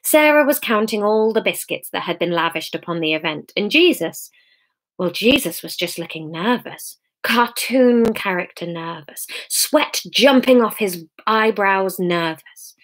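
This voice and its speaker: Streaming live from home, a woman reads her own comic novel aloud, staying lively and chatty between passages and laughing at her own slips. Her voice is medium-pitched and she reads at a normal speed.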